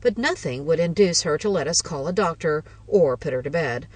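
A woman's voice: sits low, lively intonation, a little fast, dry recording. Woman reading a spooky story, dry room, mic a bit far away. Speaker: narrator. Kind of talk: first-person story reading.

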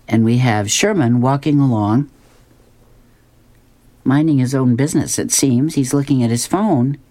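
A woman's voice: rumbling low, warm tone. A woman radio host reading comic strips aloud, chuckling as she goes.

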